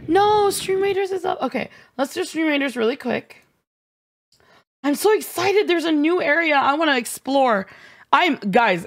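A young woman streaming a game live, bubbly and giggly, with playful dramatic outbursts at her chat. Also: sits high.

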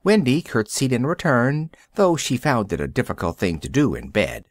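A man reading a children's story aloud in a clear, measured way for English learners. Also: mid-range voice, huge pitch swings. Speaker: narrator.

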